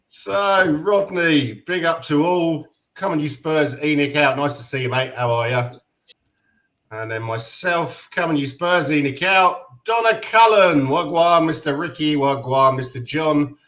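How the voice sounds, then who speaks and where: A man's voice: on the high side, a bit bright. A man hosting a casual fan stream, greeting everyone by name and keeping things moving. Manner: upbeat, greets everyone by name, quick asides. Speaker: stream host. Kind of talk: casual chat.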